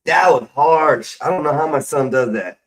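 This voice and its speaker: A man's voice: a little high, normal speed, poor audio. A man hosting a stream, rambling casually and profanely while drinking. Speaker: stream host. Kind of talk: casual rambling livestream chat.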